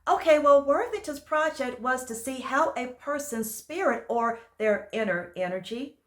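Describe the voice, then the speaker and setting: Upbeat friendly colleague, brisk and reassuring, a bit high, woman reading it. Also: animated, fairly bright tone, echoey room.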